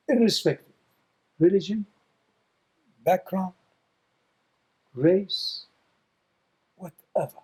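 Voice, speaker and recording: A man's voice: a little high, a little mellow, rough recording. A man giving an informal spiritual talk as a Sufi teacher, telling stories with blunt, teasing remarks and repeating words for emphasis.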